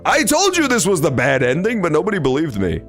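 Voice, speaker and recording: A young man streaming a game, reacting loudly and swearing often in casual commentary. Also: a little high, fairly quick, music in the background. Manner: animated, reactive, swears often, loud outbursts. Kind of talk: let's play commentary.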